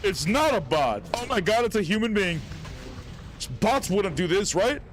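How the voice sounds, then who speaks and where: A man streaming an online game, excitedly teasing and talking to the characters on screen. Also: high voice, moderate pace, slight background noise. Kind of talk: casual gameplay commentary.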